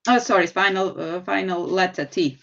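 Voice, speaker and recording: A woman's voice: fairly low pitch, moderate pace, creaky, fairly bright tone, dull audio. A woman teacher, patiently explaining English spelling rules in an online lesson and calling on students. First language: Serbian.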